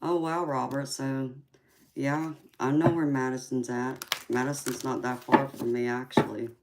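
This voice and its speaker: Very low-voiced Southern woman reading tarot. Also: little pitch movement, noisy background. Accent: Southern US, Georgia. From California. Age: 40s. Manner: affectionate, calls viewers sweetheart, drawn-out filler ums. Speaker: tarot reader hosting a live chat. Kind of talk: casual live-stream chat and tarot reading.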